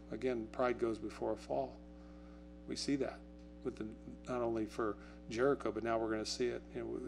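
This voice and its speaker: A man preaching a sermon as a pastor. He talks conversationally, asks the congregation questions and acts out quotes in a raised, excited voice. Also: mid-range voice, a little hiss or hum. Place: church.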